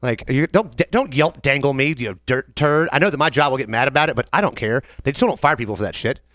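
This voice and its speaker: A man's voice: mid-range voice, fast, dry recording. A young man with a Southern American accent, co-hosting a casual chat and telling a story from his bartending job, acting out the customers. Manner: animated, acts out customers in quoted voices. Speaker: podcast co-host, bartender.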